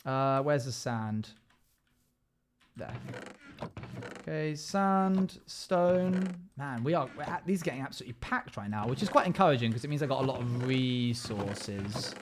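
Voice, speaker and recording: This one is medium-pitched, expressive, and a little slow, with background noise in the recording. Playing a game on a live stream, the man chats casually with his audience, reads comments aloud, and hums or scats little tuneless bits while he builds.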